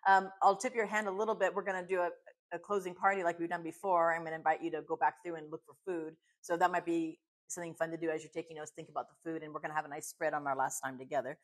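A woman's voice: low-pitched, little pitch movement, fast. A woman teaching a women's Bible study, chatty and encouraging, who fires off rhetorical questions and answers them herself. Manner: chatty and encouraging, with fillers and restarts.

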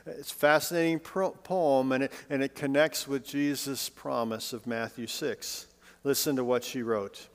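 A male pastor giving a sermon in a conversational way with light humor, swinging between emphatic lines and hushed, soft ones. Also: medium pitch, fairly even intonation, normal speed. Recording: long reverb, as in a hall.

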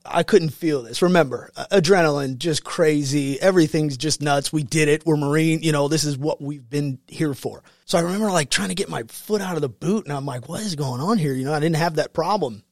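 A military veteran talks in a studio interview, his voice a bit higher than most men's. He tells the story loosely with many fillers and acts out what others said. The sound is dry and close. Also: fairly quick, dry recording. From United States. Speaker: guest, Marine veteran.

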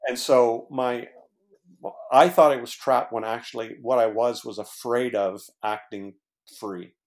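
A former pastor shares his personal story on a podcast, speaking earnestly but casually and often restarting or using fillers. His voice is medium-pitched, steady, and measured.

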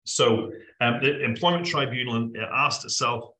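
A man's voice: mid-range voice, normal speed, sharp tone, reverberant, low-quality recording. A man co-hosting a legal podcast, summarising case judgments with lots of fillers and the odd joke. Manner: reads case summaries with many fillers, jokey asides. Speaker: podcast co-host discussing employment law cases. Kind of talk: casual legal podcast discussion.

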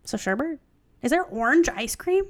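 A woman's voice: sits high, very animated, moderate pace, no echo, studio quality. A woman co-hosting a casual podcast, reading a fan story aloud and breaking off to joke and comment. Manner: chatty, joking, stops to comment.

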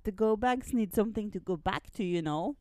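A woman's voice: mid-range voice, lively intonation, brisk, darkish tone, no echo, studio quality. A woman co-hosting a podcast, casually retelling a comic story and often saying "like". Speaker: podcast co-host. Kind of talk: casual chat about a comic series.

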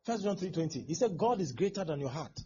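A man's voice: fairly high pitch, big pitch swings, fast, dark tone, slightly rough. A male pastor preaching a sermon, acting out scenes with exclamations and laughter. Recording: dull lo-fi sound with faint background noise.

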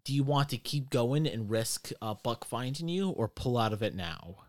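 Relaxed male game master. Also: mid-range voice, moderate pace, no room sound, clean studio sound. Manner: relaxed, explanatory, with fillers. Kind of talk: running a tabletop game.

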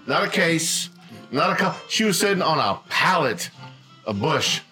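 A man tells a rambling work story on a casual podcast, swearing often and laughing along the way. His voice is bright and forceful, pitched a little high. Faint music plays behind him. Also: big pitch swings, unhurried. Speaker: podcast co-host; gas utility worker.

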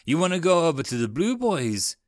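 A man's voice: on the high side, big pitch swings, brisk, no room sound, clean studio sound, pitched above the performer's own voice. A man voicing a sly, confident male sergeant hatching a scheme. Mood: scheming.

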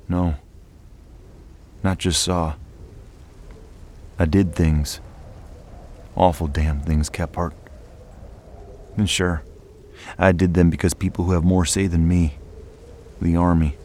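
A man's voice: sits low, darkish tone, a little hiss or hum. A man voicing a bitter war veteran moonshiner who talks in raised, pained outbursts.

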